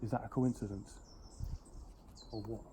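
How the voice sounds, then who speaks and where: A man's voice: fairly low pitch, fairly even intonation, normal speed. Man taunting a ghost, swearing. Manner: taunting, swearing, provoking a spirit. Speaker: paranormal investigator host. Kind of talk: ghost-hunting vlog. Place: inside an empty house. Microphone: camera mic. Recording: echoey rooms, distant mic, faint background noise.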